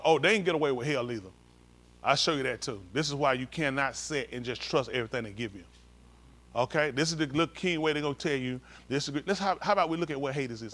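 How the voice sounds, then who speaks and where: A man's voice: fairly high pitch, a bit bright. A male pastor leads an informal Bible study, comparing translations and coaxing someone along with repeated "come on.".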